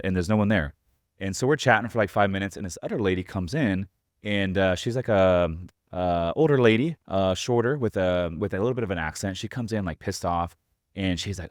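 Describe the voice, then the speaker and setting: Man, podcast host, very deep voice, quick pace, rambling and casual. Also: no echo, studio quality. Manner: rambling anecdote, fillers, casual swearing. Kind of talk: casual interview chat.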